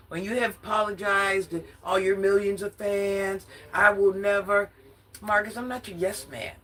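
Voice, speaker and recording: A woman's voice: fairly low pitch, pushed and bright, breathy edge. An older woman from Atlanta ranting casually in a sassy, confrontational vlog, often laughing as she talks. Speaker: social media commentator.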